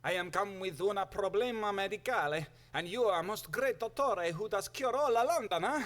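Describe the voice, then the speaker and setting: A lively Italian patient. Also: male voice, high voice, moderate pace. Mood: pleading. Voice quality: broken English with Italian words. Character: Italian male patient, pleading, theatrical.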